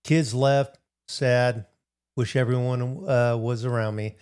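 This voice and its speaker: A man's voice: medium pitch, steady tone, slow pace, a little mellow, clear, resonant tone. Rambling middle-aged man chatting on a livestream. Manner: rambling storytelling, talks to chat viewers. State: recovering from hip replacement. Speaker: livestream host. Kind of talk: casual livestream chat.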